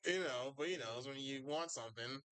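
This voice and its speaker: A man's voice: mid-range voice, a little fast, fairly bright tone, smooth, no room sound. A man co-hosting a casual pub chat, dropping dry, teasing quips. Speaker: co-host.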